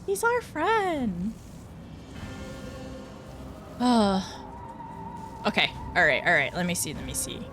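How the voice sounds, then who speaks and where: A woman's voice: fairly low pitch, expressive, normal speed, long pauses, music in the background. A young woman streaming a game, chatting casually with her viewers, flustered and often laughing. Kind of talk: casual live-stream chat while gaming.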